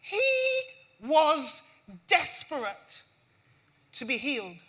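A woman's voice: huge pitch swings, drawn-out words, a bit bright. A woman preaching a sermon, reading scripture and speaking with impassioned emphasis. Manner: impassioned, rising pitch on emphasis.

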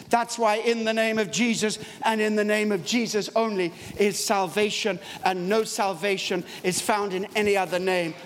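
A man preaching a sermon in a church, emphatic and storytelling, with wide swings in his voice. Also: high voice. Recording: long hall reverb, faint background noise.

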